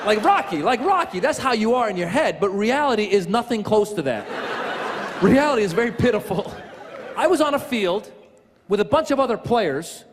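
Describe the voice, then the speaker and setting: At a moderate pace and in a high-pitched voice, a middle-aged man performs stand-up in a large hall, bringing lots of energy as he imitates voices and sounds. The live audience is loud with laughter and noise.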